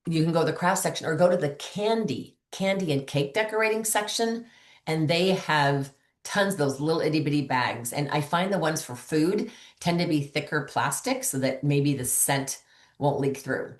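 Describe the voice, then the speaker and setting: A woman giving a casual training talk to other beauty consultants, chatty and animated, acting out her customer conversations. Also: low voice, normal speed, roomy sound.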